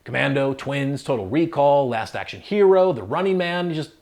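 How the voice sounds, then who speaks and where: A man's voice: mid-range voice, moderate pace, a little mellow. A man hosting a casual countdown video, narrating in an upbeat, chatty way with playful asides to the listener. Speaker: host.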